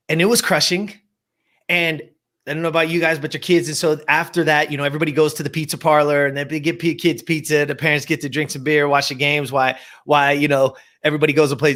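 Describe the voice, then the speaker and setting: Fairly high in pitch and a bit bright, this guest is a man in his fifties sharing a personal story. His delivery is emphatic and motivational, full of repeated words and direct appeals to the audience.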